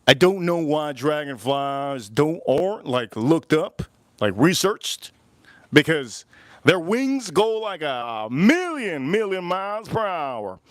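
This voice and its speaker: A man chatting loosely on a cooking livestream, cracking jokes and reading messages from his viewers out loud. His voice sits a little higher than most men's. He talks outside by the grill. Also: sing-song, takes it slowly, dry recording. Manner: loose, joking, talks to chat and reads super chats aloud. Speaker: livestream host. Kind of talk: casual livestream chat while cooking.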